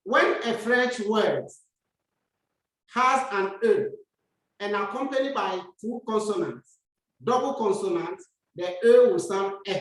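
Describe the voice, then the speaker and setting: A woman teaching a lesson, speaking slowly and patiently and repeating words for her learners to practice. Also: medium pitch. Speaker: French teacher. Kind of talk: classroom lesson. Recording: very echoey room, far from mic.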